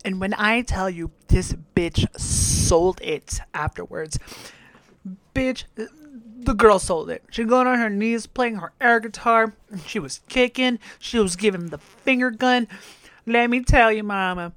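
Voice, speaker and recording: A woman hosting a casual recap of a TV episode, talking bluntly and campily, swearing often and getting loud when excited. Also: medium pitch, measured pace, no room sound, studio quality. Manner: blunt, campy, swears a lot. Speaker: show recap host. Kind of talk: casual profane TV recap commentary.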